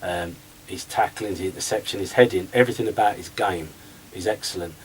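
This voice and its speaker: Ex-footballer telling animated stories. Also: male voice, low voice, fairly quick, recorded from a distance, a little hiss or hum, rough recording. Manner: animated storyteller, acts out conversations. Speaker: guest, former footballer. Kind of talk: radio interview chat.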